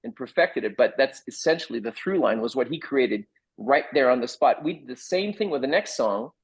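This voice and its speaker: A middle-aged man recounts a story with bounce and color, his pitch leaping up and down as he mimics the people in it. His voice has a husky edge, and he sounds like a guest playwright sharing how his show came together. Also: fairly quick, rough recording. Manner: lively, acts out other people's lines in quoted voices. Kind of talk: animated storytelling anecdote.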